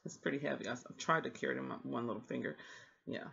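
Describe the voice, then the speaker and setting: Husky, gravelly-voiced book vlogger chatting. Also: medium pitch, quick pace, bright, forceful tone, muffled recording. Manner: chatty, rambling storyteller who acts out what people said. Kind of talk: casual book vlog chat.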